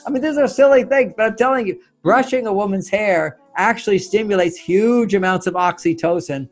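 A man's voice: high-pitched, brisk, few pauses. A man as an interview guest, giving relationship advice step by step and acting out example dialogues. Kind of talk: advice explanation in conversation.

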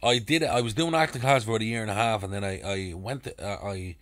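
A man's voice: lowish voice, fast, fairly bright tone. A young Irish man with a Dublin accent telling a drunken anecdote as a podcast guest, with crude slang and acted-out voices. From Ireland. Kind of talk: casual storytelling.

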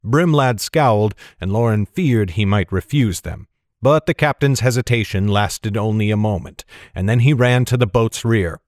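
A man giving steady, measured narration of a fantasy story. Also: on the low side, dry recording, studio quality. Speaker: audiobook narrator.

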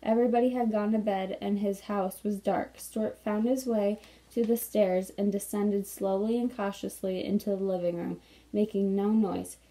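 A woman teacher reads a children's novel aloud, steady and unhurried. Her voice is mellow and soft-toned, pitched in a middle range. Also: rough recording.

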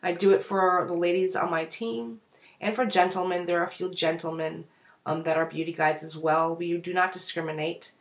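A woman's voice: fairly low pitch, fairly even intonation, moderate pace. A woman in her forties with a northern US accent and a light Southern drawl, chatting to camera in a rambling, talkative way as a direct sales beauty consultant. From northern United States. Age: 40s. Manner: chatty and rambling, wanders between points. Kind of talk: casual to-camera vlog chat.

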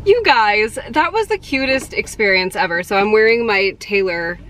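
A woman's voice: medium pitch, animated, normal speed, fairly bright tone, faint music behind. A young woman in her twenties chatting in a casual vlog, bubbly and gushing, with lots of "like" fillers, filmed on a phone at home, in a car and in stores. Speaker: vlogger.

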